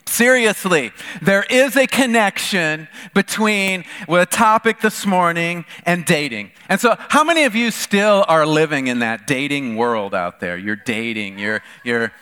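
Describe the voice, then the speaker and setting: Pastor, man, light bright voice, casual joking delivery, reverberant sanctuary. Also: fairly high pitch, lively intonation, a little slow, hardly any pauses, clean tone. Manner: conversational, jokey, with fillers and restarts. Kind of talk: sermon. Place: church sanctuary. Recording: echoey large church hall.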